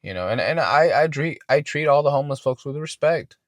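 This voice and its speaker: A man's voice: on the high side, animated, a little fast, no room sound. A man hosting a podcast and telling a casual, rambling story, swearing often and restarting his words. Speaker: podcast host.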